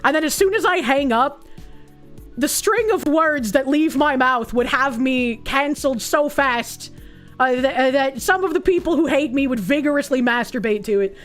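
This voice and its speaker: A woman's voice: sits high, normal speed, soft background music. A young woman streamer chatting casually with her viewers in a blunt, sarcastic way, with a lot of swearing. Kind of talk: casual chat reacting to chat messages.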